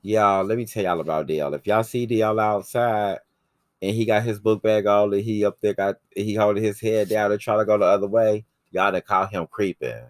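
Very deep-voiced man, brash and profane. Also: fairly quick, no room sound. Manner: brash, profane, animated storytelling. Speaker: podcast host. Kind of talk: casual chat.

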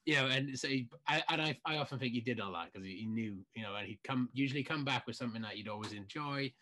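A man's voice: medium pitch, quick pace, pushed and bright. A man hosting a casual interview, rambling and often restarting his sentences. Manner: chatty, rambling, self-interrupting. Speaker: podcast host.

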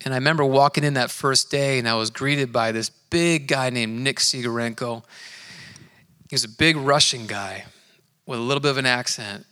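A man preaching a sermon in a church, telling his own story in an earnest, conversational way and slowing down to stress key words. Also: medium pitch, sharp tone, clear, resonant tone. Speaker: pastor. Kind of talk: sermon with personal testimony. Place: church sanctuary. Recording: long hall reverb.

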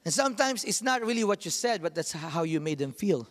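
A man in his thirties preaching a sermon, telling family stories with lively, acted-out quotes. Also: high voice, fast talker. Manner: animated storytelling, acts out quotes. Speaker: pastor. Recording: long hall reverb.

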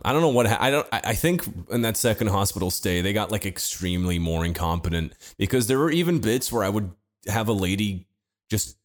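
A young man telling a story in casual chat, rambling with restarts, swearing and laughing as he goes. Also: mid-range voice.

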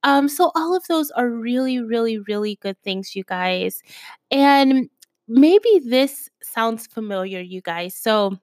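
Young woman podcasting with a cold, raspy, kinda high voice, super dry close sound, says um a lot. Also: expressive, slow pace, a little mellow, no room sound. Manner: chatty, lots of fillers, keeps saying "you guys". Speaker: podcast host. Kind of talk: casual solo podcast chat.

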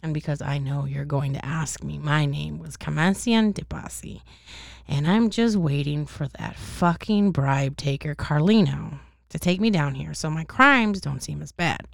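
A man's voice: on the high side, unhurried, gravelly, dry recording, studio quality. A woman reading a sneering damned man. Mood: bitter. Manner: sneering, crude. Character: bitter damned man, adult, trapped in ice.

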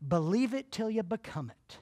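A middle-aged man from Florida with a Southern US accent gives a humorous motivational speech to a live audience, telling folksy, animated stories. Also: sits high, moderate pace. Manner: folksy, animated storytelling with jokes. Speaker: keynote speaker. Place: conference room before a live audience.

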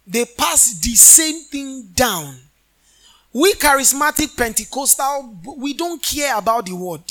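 A man's voice: very high voice, a bit bright. A man preaching a sermon, often asking the congregation questions and answering them in a sing-song preaching cadence. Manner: call-and-response questions to the congregation. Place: church.

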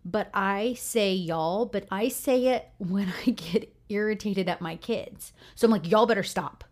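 A woman in her thirties with a Midwestern American accent, co-hosting a casual podcast in a chatty, animated way. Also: medium pitch, unhurried. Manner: chatty, animated storyteller with frequent "like". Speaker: podcast co-host.

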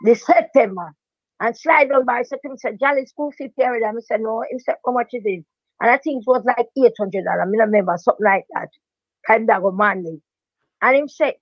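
With no room sound, the dry, slightly dull recording captures an older Jamaican woman, a veteran dancehall DJ, recounting her story as an interview guest. She speaks high-pitched, animated patois in quick bursts, stressing the same point over and over.

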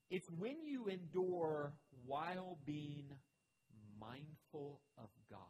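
A man preaching a sermon as pastor, with animated emphasis that rises and drops. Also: mid-range voice, background noise.

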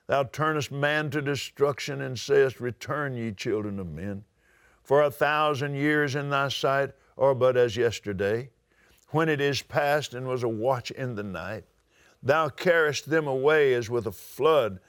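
A man's voice: medium pitch, a little slow, fairly bright tone, no room sound, clean studio sound. An older man with a Southern US accent, preaching a sermon and reading scripture aloud with dramatic swings in his voice.

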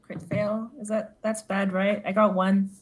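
A woman's voice: medium pitch, flat delivery, unhurried. A young woman playing a tabletop game in character, eager and stammering. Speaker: player.

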